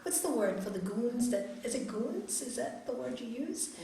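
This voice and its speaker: A woman's voice: on the high side, moderate pace. A middle-aged woman yoga teacher telling a spiritual story to a group, acting out the voices of its characters. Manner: animated storytelling, acts out voices. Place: hall. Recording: echoey hall, from far off.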